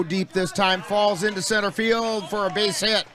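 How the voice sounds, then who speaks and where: A man calling baseball play-by-play for a local webcast, with relaxed, folksy asides between pitches. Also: normal speed. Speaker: play-by-play announcer.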